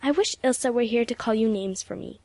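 A woman's voice: a little high, a little fast, creaky, dark tone, no room sound. A woman voicing a proud, prickly teenage girl who speaks haughtily and stammers when flustered.

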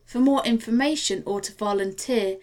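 A woman reading a novel aloud as an audiobook narrator, measured and gently expressive. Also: fairly high pitch. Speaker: audiobook reader. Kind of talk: scripted narration.

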